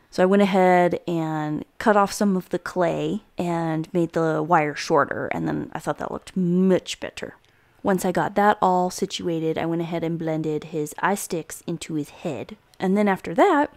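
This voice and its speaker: A woman's voice: fairly low pitch, gravelly, a little mellow, no room sound. Chatty woman narrating a craft project. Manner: chatty and self-deprecating, with filler words. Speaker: crafting video host.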